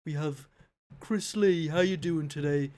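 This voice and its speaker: An American podcast host putting on a mock posh British voice to open the show, hammy and tripping over made-up place names. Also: male voice, sits high, fairly even intonation, a little slow, mellow, pitched above the performer's own voice. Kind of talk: comedic put-on intro.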